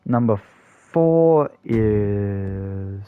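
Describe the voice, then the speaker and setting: A man's voice: lowish voice, expressive, extremely slow, smooth, narrow, tinny audio. A man hosting a gaming channel, giving rambling, casual commentary full of ums and self-corrections.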